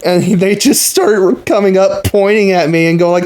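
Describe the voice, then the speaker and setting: A man hosting a podcast, telling a story in a casual, animated way and laughing often. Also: sits high, normal speed, hardly any pauses. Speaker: podcast host. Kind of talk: casual chat.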